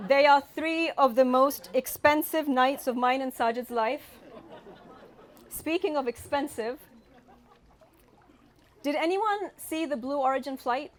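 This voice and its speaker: A British-raised woman in her forties doing a stand-up set, with a British accent softened by California and a wry, punchline-driven way of telling stories. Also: high-pitched, unhurried, long pauses. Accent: British with a slight Californian tinge. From United Kingdom. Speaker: stand-up comedian.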